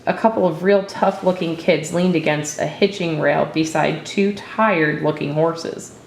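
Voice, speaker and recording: A woman reads a first-person story aloud in a steady, reflective way. Her voice sits on the low side for a woman, and a roomy echo hangs around it. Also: measured pace, gravelly, a little hiss or hum. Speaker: narrator. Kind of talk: storybook reading.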